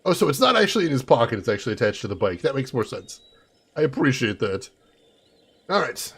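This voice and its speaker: A man's voice: mid-range voice, very animated, a little fast, gravelly, a bit bright, breathy edge. A man commentating a video game playthrough, sarcastic and amused, talking to his chat. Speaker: game streamer. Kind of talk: let's play commentary.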